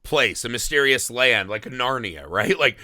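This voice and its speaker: Animated, profane man riffing on a movie. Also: mid-range voice, normal speed, no echo. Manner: animated, profane, rambling with acted-out quotes. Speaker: podcast co-host. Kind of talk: casual movie review chat.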